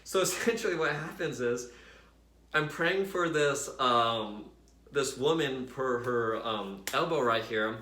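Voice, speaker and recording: A man casually telling a personal faith story to his viewers in a chatty, animated way, full of fillers. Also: mid-range voice, slow pace, roomy sound. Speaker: vlogger sharing a faith story.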